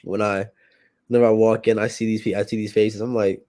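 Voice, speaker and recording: A man's voice: fairly low pitch, steady tone, fairly quick, dark tone. A young man, a youth program participant, giving a heartfelt, slangy testimony and repeating himself as he talks. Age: young adult. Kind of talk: casual emotional testimony.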